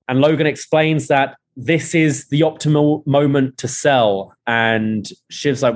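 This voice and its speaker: A man hosting a podcast, retelling a TV episode scene by scene and quoting the characters' lines in a lively way. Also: mid-range voice, unhurried. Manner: animated retelling with quoted lines. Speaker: podcast host recapping a TV episode. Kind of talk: casual recap, reading out scene dialogue.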